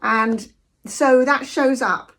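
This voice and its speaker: A woman's voice: sits high, steady tone, takes it slowly, a bit bright. A British woman talking in a direct, conversational monologue, telling anecdotes from her own life. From Britain. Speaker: vlogger. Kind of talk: casual reflective monologue.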